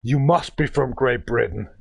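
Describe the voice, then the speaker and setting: A man's voice: mid-range voice, animated, measured pace, gravelly, slightly rough, dry recording. A man in his thirties from Germany, a native German speaker talking English with a German accent, ranting and swearing in broken English on a casual game stream. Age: 30s.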